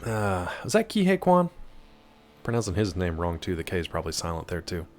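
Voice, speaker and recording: Playful low-voiced male streamer. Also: big pitch swings, fairly quick, darkish tone. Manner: playful, teasing, answers chat aloud. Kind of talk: casual live-stream gaming chat.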